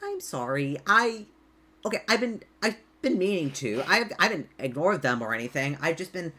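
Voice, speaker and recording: A woman playing a rambling, stammering young woman adventurer, low and lively. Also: moderate pace, exaggerated voice. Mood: flustered. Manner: stammering, many restarts.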